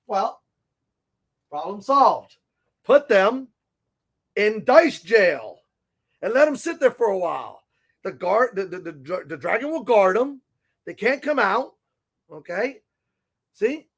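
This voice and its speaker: A man hosting a casual gaming-store segment, chatty and excitable as he shows off products, with frequent asides, recorded inside a comic and game shop. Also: high-pitched, takes it slowly, long pauses. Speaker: host of a tabletop gaming segment.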